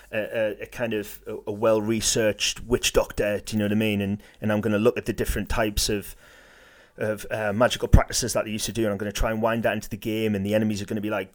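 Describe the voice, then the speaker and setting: A man with a somewhat deep voice chats casually as a podcast co-host. He probes each point with hypotheticals and plays devil's advocate, thinking out loud as a game master. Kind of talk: casual discussion.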